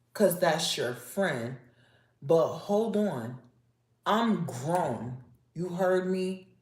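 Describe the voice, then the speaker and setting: Slow-talking woman chatting on a livestream. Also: fairly low pitch, a little mellow. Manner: slow, repetitive, confiding and nosy. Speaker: livestream host. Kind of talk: casual livestream chat with viewers. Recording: echoey room with faint noise.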